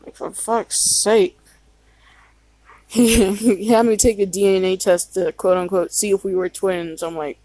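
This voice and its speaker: A woman speaks softly in a casual storytime monologue, her talk full of fillers and swears. Her voice sits mid-range in pitch. The recording is dry, with no room sound. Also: flat delivery, measured pace, no room sound, low-quality recording. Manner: quiet-spoken, swears freely, frequent fillers. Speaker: storyteller recounting her past.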